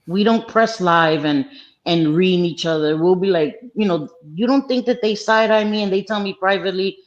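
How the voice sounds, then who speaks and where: Panel guest, mid pitch, emphatic and talky, muffled lo-fi audio. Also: normal speed. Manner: emphatic, keeps saying "you know what I mean". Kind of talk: casual chat.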